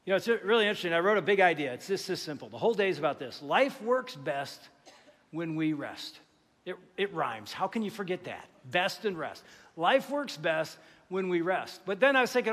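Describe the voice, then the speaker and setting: A male pastor delivering a lively, joking sermon in a church, asking the congregation questions. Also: high voice, fairly quick, big-room sound. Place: church sanctuary.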